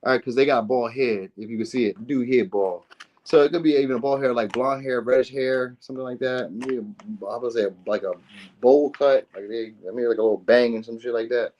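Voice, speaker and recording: In a muffled recording, a man with a medium-pitched, slightly mellow voice talks a little fast while giving a casual tarot reading to camera. As a tarot reader he's chatty and slangy, swears freely, and acts out what people might say.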